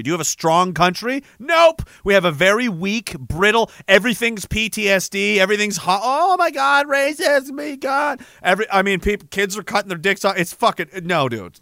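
A man's voice: sits high, sharp tone, no echo, clean studio sound. A young man hosting a show, delivering a heated, profane, rambling monologue full of restarts. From Canada. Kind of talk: ranting casual monologue.

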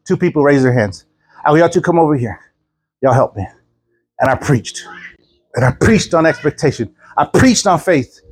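A man's voice: on the high side, normal speed, pauses often, husky. A man preaching a storytelling sermon, acting out the voices in his story and laughing often with the congregation. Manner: animated, acts out quoted voices.

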